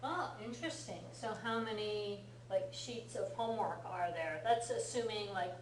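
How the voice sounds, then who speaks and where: An American woman gives a casual language lesson, patiently explaining and encouraging her student, with lots of filler words. Her mid-range voice moves at a moderate pace, recorded from far away in a roomy space with a faint hum.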